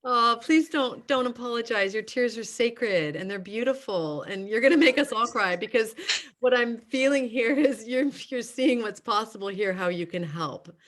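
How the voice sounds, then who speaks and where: A woman's voice: a little high, normal speed, fairly bright tone. A woman hosting a coaching video call, affirming and encouraging the participants. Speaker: host.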